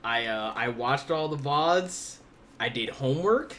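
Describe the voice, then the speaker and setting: A man's voice: medium pitch, expressive, unhurried, a bit bright, slight background noise. A man co-hosting a casual podcast, laughing often and teasing his friend. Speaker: podcast co-host. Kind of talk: casual chat.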